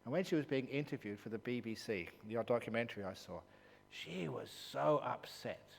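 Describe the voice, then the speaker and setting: A man, a monk and meditation teacher, giving a dharma talk at a retreat in an animated, jokey storytelling manner. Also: mid-range voice, normal speed, vocal fry. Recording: long hall reverb, faint hum.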